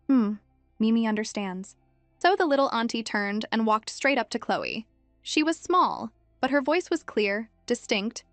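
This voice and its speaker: A woman narrating a story recap in an even, measured storytelling manner. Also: medium pitch, no echo.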